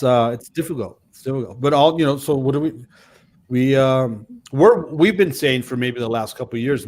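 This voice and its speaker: A man in his fifties, a missionary pastor co-hosting a casual chat, telling stories in a rambling, animated way with many restarts. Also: mid-range voice, slight background noise.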